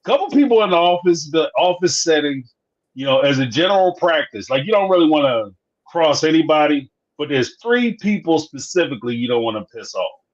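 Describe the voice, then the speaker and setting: Animated man telling office stories, lo-fi. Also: on the high side, a little fast. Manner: animated storyteller, acts out dialogue, laughs often. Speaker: host of a live reality TV review show. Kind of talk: casual live-stream chat. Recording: slightly dull lo-fi sound.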